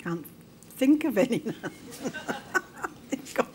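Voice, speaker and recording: A woman answers a hypnotist during a seminar demo, speaking very slowly and dreamily with a lively, bouncing pitch. Her voice sits over clear background room noise. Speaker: seminar participant as hypnosis subject.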